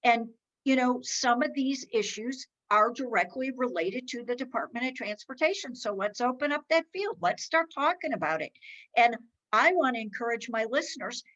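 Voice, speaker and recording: A woman's voice: on the high side, animated, moderate pace, a bit bright, dull audio. A middle-aged woman hosting a podcast in casual conversation. She is chatty and rambling, with many restarts and fillers. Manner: acts out others' lines in quoted voices while telling stories. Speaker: podcast host.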